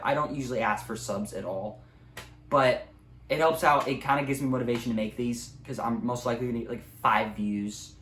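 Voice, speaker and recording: A man's voice: medium pitch, a bit bright. A young man in a casual movie review, rambling with many ums and likes. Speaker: video creator. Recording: echoey room, faint ambient noise.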